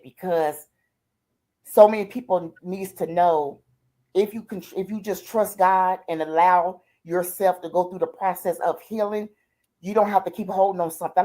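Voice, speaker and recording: With a lowish, slightly mellow voice, a grandmother recounts her life as a guest on a streamed interview. Her telling is heartfelt and colloquial, peppered with "I said" and "she said."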